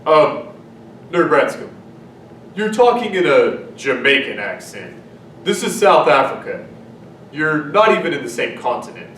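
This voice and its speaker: A man's voice: fairly high pitch, big pitch swings, unhurried, pauses often, fairly bright tone. A man playing an upbeat, teasing TV-style announcer, handing off segments in a lesson video. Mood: deadpan correcting. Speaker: agriculture teacher. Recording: roomy, distant mic, faint noise.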